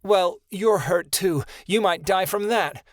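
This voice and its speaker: A wounded young girl in a fantasy audiobook, stubborn and a little whiny, her voice pitched high and strained with pain, as a man puts her on. The reading is dry and close, with no room sound. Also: slow, no echo. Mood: hurt, stubborn.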